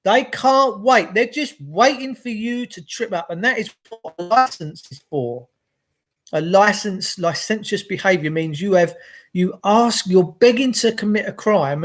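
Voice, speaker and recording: A man's voice: high voice, a little slow, fairly bright tone. A middle-aged man talking casually from home by a log burner, greeting viewers and ranting with passion. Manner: chatty, greets viewers, impassioned. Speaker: vlogger. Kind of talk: casual livestream rant.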